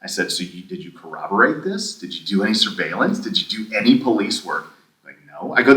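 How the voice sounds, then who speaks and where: A man's voice: lowish voice, lively intonation, fast, bright, forceful tone. A man casually telling a long story as a podcast guest, acting out both sides of the conversations he recounts. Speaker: podcast guest, former gym owner. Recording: echoey room, somewhat distant mic.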